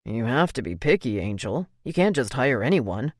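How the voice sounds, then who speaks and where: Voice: medium pitch, big pitch swings, normal speed, no room sound, studio quality. A narrator voicing a meticulous adult man who owns a restaurant, speaking in a clipped, terse way. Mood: serious.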